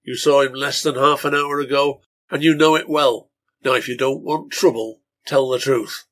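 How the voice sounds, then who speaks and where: A man's voice: mid-range voice, steady tone, normal speed, fairly bright tone, lightly acted. A man reading aloud voices a strong, cruel man who accuses and threatens. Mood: menacing.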